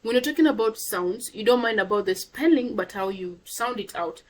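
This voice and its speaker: Woman, teacher, pronunciation lesson, patient, slow repeated example words, frequent "okay?". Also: a little high, expressive, low-quality recording. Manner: patient, repeats words slowly to model sounds; checks in often with "okay?".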